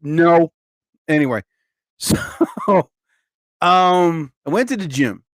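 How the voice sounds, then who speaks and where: Brief: chatty, animated male livestream host, rambling, very dry close sound. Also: on the high side, takes it slowly, no room sound. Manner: rambling, animated, lots of fillers. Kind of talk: rambling live-stream chat.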